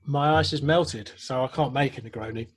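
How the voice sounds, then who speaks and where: A man's voice: medium pitch, a little fast, slightly rough. Man, co-host, casual chat, jokey, explanatory, video call. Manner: chatty, jokey, explains drink history. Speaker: podcast co-host. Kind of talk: casual chat about cocktails.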